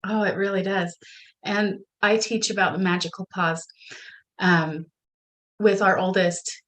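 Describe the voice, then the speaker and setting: A middle-aged woman in casual conversation, telling family stories in an animated way, often slipping into quoted voices and laughing. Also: medium pitch, measured pace, rough recording.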